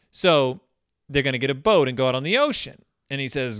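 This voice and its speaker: A man's voice: mid-range voice, sing-song, fairly quick, fairly bright tone, clear, resonant tone, no echo, studio quality. A man giving a comedic commentary on a children's book, sarcastic and exasperated, often scolding the characters directly. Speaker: book reviewer.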